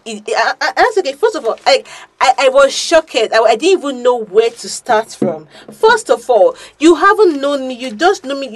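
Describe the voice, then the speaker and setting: A young woman, co-hosting a podcast and telling a story in casual chat, animated, swearing and restarting her sentences often. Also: a little high. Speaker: podcast co-host.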